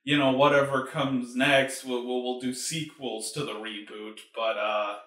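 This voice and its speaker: A man's voice: mid-range voice, steady tone, measured pace, a bit bright. A man hosting a movie review show, ranting in a casual, profane, exasperated way with lots of filler words. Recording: roomy echo.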